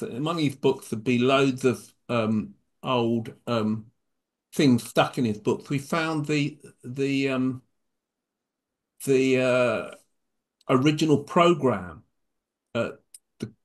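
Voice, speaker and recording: A man from England, a poet, reading a comic poem and then chatting hesitantly about his work with a wry humor. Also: medium pitch. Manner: wry, hesitant between poems, animated when reciting. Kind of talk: poetry reading and chat.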